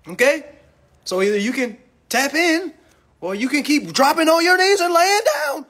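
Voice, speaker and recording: A man's voice: very high voice, sing-song, normal speed, a bit bright. A drunk man delivering a preachy, profane ranting monologue, constantly checking in with "all right?". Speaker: consumer finance commentator.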